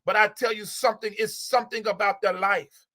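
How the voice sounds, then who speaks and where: A man's voice: sits high, steady tone, fairly quick, pushed and bright. A man hosting a live stream, giving a heartfelt inspirational talk with a preacher-like repetitive cadence and open emotion, speaking into a phone. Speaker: livestream host.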